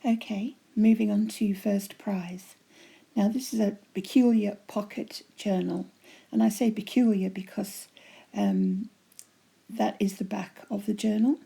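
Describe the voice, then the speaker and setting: A chatty woman with a voice going hoarse, gushing over her handmade crafts in a casual show-and-tell at home, often dropping to a breathy half-whisper. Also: medium pitch, mellow. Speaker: craft vlogger showing giveaway prizes.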